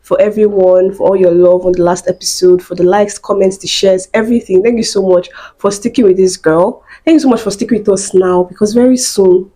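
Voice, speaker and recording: A woman's voice: medium pitch, fairly even intonation, fairly quick, few pauses, warm tone, poor audio. A young woman, hosting a podcast in effusive, giggly casual chat. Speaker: podcast host.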